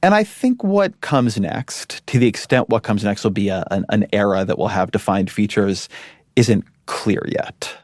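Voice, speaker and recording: A man who once ran a media company, speaking as a guest in a thoughtful, measured way with frequent restarts. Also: lowish voice, no echo, studio quality. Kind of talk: interview conversation.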